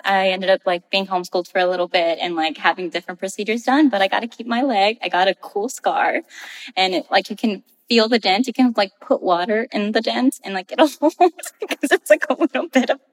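Cheerful laughing woman in a reverberant space. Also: medium pitch. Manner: laughs often while telling, cheerful. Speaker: guest. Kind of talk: casual storytelling.

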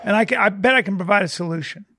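A man co-hosting a comedy podcast, deadpan and argumentative, with crude jokes. His voice is high for a man and gravelly with fry. The studio sound is dry and close. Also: racing, dry recording. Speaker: guest host. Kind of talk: casual comedic podcast banter.

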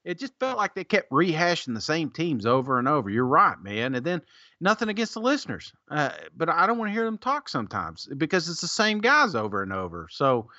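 A man co-hosts a casual podcast, reading listener reviews and laughing along. His voice is bright and high with a wide, animated swing. The recording is dry and a little dull. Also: fairly quick, no echo. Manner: jokey, laughs often, reads reviews aloud. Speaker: podcast co-host.

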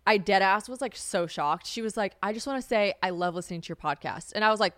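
A young woman hosts a casual solo podcast, talking fast in a slightly bright voice over a dry, studio-quality recording. She's chatty, swears freely and laughs, often acting out what other people said by quoting them in a high voice.

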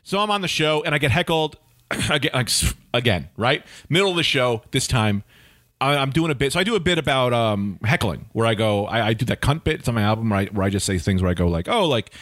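Male comedian host, lively storyteller, dry studio sound. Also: mid-range voice, fast, no room sound. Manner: animated, acts out voices in his stories.

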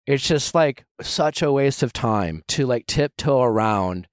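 A man's voice: mid-range voice, expressive, unhurried, no echo. A man from the Midwest hosts a podcast in casual, direct talk. His voice sits mid-range and is recorded dry and close. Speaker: podcast host.

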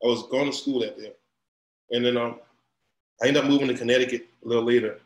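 A man's voice: medium pitch, fairly even intonation, fast. A middle-aged man from Louisiana with a Southern accent, telling stories in a casual interview, full of restarts and acted-out quotes. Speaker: guest, recruiting company founder. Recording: roomy echo.

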